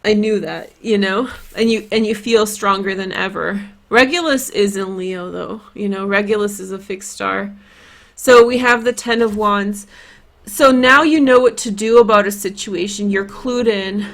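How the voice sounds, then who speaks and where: A woman's voice: medium pitch, normal speed, fairly bright tone. Woman, Polish accent, tarot reader; casual, rambling delivery. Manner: chatty, rambling, lots of "like" and "you know".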